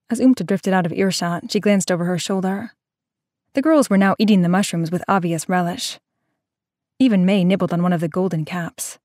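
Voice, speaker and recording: A woman narrating an audio drama in a slow, measured storytelling manner. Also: lowish voice, a little mellow, no echo, studio quality.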